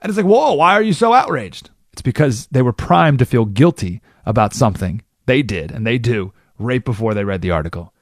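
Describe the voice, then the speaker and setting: A man hosting a talk radio show, explaining ideas in a monologue and acting out the people he quotes in quick character voices. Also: medium pitch, animated, no room sound, clean studio sound. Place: radio studio.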